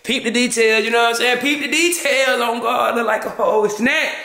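A young man chats to his viewers at home in a relaxed, slangy way, his voice sitting high for a man. The room around him rings with a noticeable echo. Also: brisk. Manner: laid-back slang, lots of "you know what I'm saying". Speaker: vlogger. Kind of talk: casual vlog talk to camera. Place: home, indoors. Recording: echoey room.

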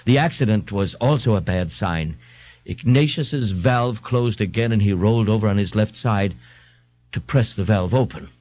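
A man narrating an audiobook in an expressive, theatrical reading style. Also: on the low side, moderate pace, no echo. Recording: dull lo-fi dry studio tape.

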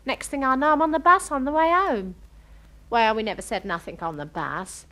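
A woman's voice: fairly high pitch, moderate pace, natural voice. An actress playing a chatty, starry-eyed young working-class girl in a comic monologue, gossiping with homely, ungrammatical speech. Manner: lively, breathless gossiping storyteller.

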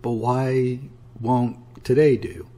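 A man voicing a boisterous, scornful young sailor who talks bluntly and roughly. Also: medium pitch, little pitch movement, slow, dark tone, lightly acted. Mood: blustering. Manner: blunt, offhand and rough-spoken.

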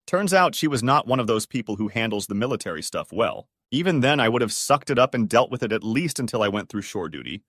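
Man narrating stories, lively dry voice. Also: medium pitch, fast, hardly any pauses, slightly rough, no room sound. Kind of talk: scripted narration of online stories.

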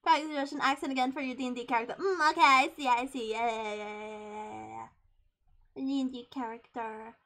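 Young woman streamer, high bright voice, giggly and hyper, gets loud. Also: expressive, fairly quick. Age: 20s. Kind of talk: casual live-stream chat.

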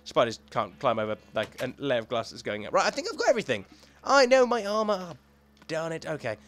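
A man's voice: fairly high pitch, fast talker. Chatty lad narrating his game. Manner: chatty, thinks aloud, talks to himself; excitable, rambling. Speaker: gaming YouTuber. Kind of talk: let's play commentary.

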